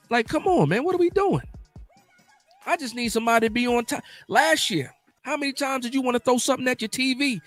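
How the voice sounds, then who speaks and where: A man hosting a casual live sports talk stream, animated and emphatic, often repeating himself for emphasis. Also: very high-pitched, no echo.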